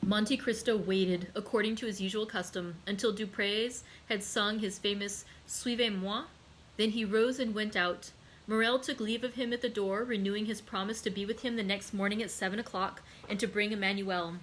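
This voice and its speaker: A woman hosting a library read-aloud, narrating a classic novel in a steady, unhurried way. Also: mid-range voice, a little hiss or hum, low-quality recording.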